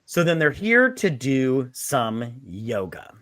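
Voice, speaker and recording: A man's voice: mid-range voice, very animated, slow pace, a bit bright, dry recording, clean studio sound. A man co-hosting a casual, tipsy movie review, rambling through the plot and quoting characters with plenty of swearing. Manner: rambling, retells scenes with quoted voices and swearing.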